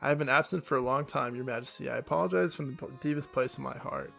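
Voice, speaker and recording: A man's voice: medium pitch, quick pace, creaky, a bit bright, soft background music. A man reading the lines of a flowery, long-winded male noble advisor from a video game. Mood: pompous.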